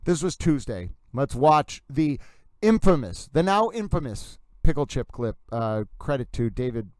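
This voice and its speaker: Mellow-voiced man rambling through commentary. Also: mid-range voice, very animated, measured pace, dry recording. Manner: rambling, self-interrupting. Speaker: host. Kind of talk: casual commentary on court videos.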